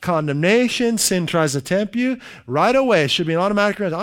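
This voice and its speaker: A man preaching with a notably high voice. He is emphatic and repetitive, and he leads the congregation through spoken declarations in call-and-response. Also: very animated, fairly quick, hardly any pauses, a bit bright. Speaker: pastor. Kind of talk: sermon.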